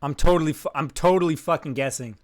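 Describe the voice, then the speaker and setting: A man streaming live while playing a trivia game, bursting into loud outbursts and swearing whenever he loses. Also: a little high, quick pace. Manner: excitable, loud outbursts and swearing when losing.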